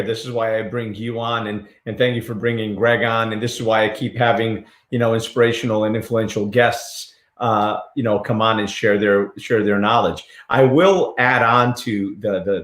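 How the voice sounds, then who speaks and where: A man hosting a talk show, speaking in a chatty, enthusiastic way with hedging asides. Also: on the low side. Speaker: podcast host. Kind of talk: casual conversational chat. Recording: roomy echo.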